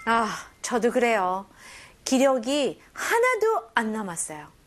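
Animated woman teaching English phrases. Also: a little high, a little hiss or hum. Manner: animated, drills phrases slowly, laughs between points. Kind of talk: bilingual language lesson.

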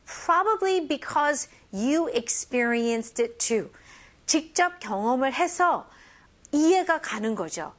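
A woman teaching English phrases to learners, switching between languages, modeling lines slowly and laughing between points. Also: high-pitched, fairly bright tone. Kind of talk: bilingual language lesson.

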